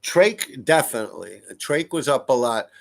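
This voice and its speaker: A man's voice: mid-range voice, sing-song, moderate pace, gravelly. A middle-aged man from New City, casually telling rambling, profane stories on a livestream from his apartment. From New York City. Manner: profane, rambling, laughs a lot. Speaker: livestream host. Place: room in a ground-floor apartment.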